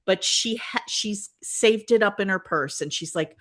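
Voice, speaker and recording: An older woman co-hosting a podcast, retelling a TV episode in a casual chat and acting out the characters' lines. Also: a little slow. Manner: animated storyteller, acts out quotes with big pitch jumps. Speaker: podcast co-host.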